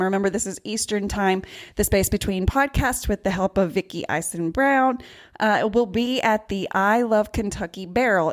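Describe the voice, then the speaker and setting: A woman with a Southern US accent hosting a podcast in casual chat, upbeat and chatty, laughing often. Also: medium pitch. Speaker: podcast host.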